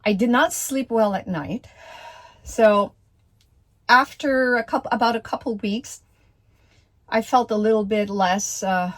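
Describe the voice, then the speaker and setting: A woman casually telling a personal story, hesitant, with many fillers and restarts. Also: fairly high pitch. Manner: slow, deliberate delivery.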